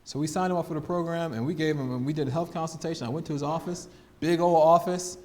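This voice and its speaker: Man, animated storyteller, somewhat high voice, lively testimony. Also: quick pace. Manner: animated storyteller acting out dialogue, laughing often. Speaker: guest speaker.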